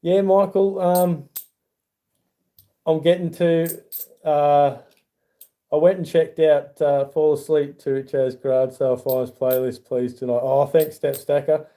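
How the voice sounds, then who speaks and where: Dark-voiced Australian man chatting casually. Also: a little high, steady tone, measured pace. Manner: rambling, friendly, reads chat aloud. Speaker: YouTube channel host. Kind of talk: casual livestream chat.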